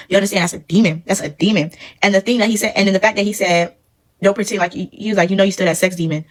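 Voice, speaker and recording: Fast-talking woman telling a storytime. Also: medium pitch, fairly even intonation, rough recording. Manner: fast, emphatic, preachy. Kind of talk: casual storytime monologue.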